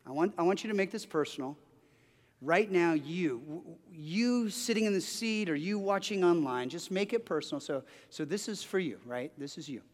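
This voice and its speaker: High-voiced man preaching in a reverberant hall. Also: moderate pace. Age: 40s. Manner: animated storytelling with frequent restarts. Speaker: pastor. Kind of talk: sermon with personal story. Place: church sanctuary.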